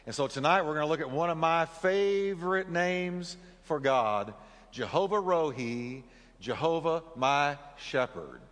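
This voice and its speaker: A man's voice: on the high side, animated, unhurried, fairly bright tone, long reverb tail. A man preaching a sermon as pastor. He leads the congregation in reading and prayer and speaks earnestly.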